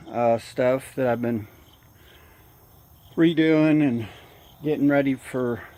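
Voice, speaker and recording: A man out of breath, filming a casual walk-around vlog outdoors, halting with many fillers. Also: mid-range voice, gravelly, darkish tone. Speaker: hobby gardener vlogger. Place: outdoor yard.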